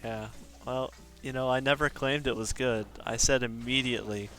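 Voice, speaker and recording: A man's voice: mid-range voice, fairly even intonation, moderate pace, a bit bright, soft background music. A man streaming a game live, chatting casually and self-deprecatingly with his viewers. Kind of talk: casual live-stream chat while gaming.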